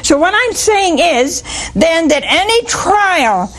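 Her voice is very high and a bit bright, swinging widely in pitch as she speaks slowly. This woman preacher gives a folksy sermon full of stories, frequent chuckles, and little asides such as "see?"

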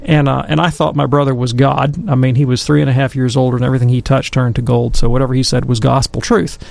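A middle-aged Catholic commentator tells a childhood story, animatedly acting out the quotes, then moves on to discussing scripture in a casual talk. He speaks quickly with a medium-pitched voice and vocal fry.

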